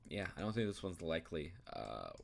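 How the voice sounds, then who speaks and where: A man's voice: low-pitched, very animated, fairly quick, gravelly. A young man giving casual commentary, thinking aloud with many fillers and restarts. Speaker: YouTube reviewer. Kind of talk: casual commentary while browsing.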